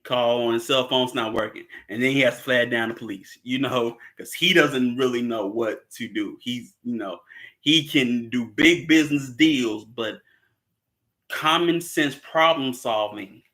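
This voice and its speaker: A man talks through a movie in loose, rambling chat. His tone is bright and forward, and he keeps breaking into light chuckles as he acts out bits of dialogue. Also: mid-range voice, measured pace. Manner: rambling, chuckles often, acts out characters' lines. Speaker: movie discussion participant. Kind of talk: casual chat recapping a film.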